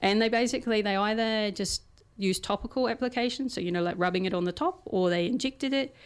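A woman's voice: medium pitch, brisk, clear, resonant tone. A woman co-hosting a casual science podcast, explaining research in a chatty way with everyday examples and frequent fillers.

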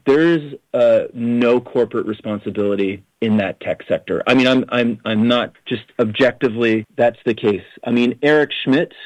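A man giving animated, critical answers as an interview guest, often restarting his sentences. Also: medium pitch, no room sound. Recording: dull lo-fi radio audio.

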